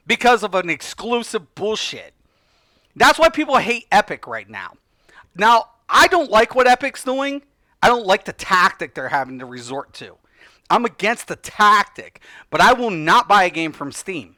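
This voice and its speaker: A man's voice: high-pitched, sing-song, moderate pace, pushed and bright, dry recording. Fired-up man ranting on a livestream. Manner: heated, profane, emphatic; laughs between points. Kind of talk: casual livestream rant.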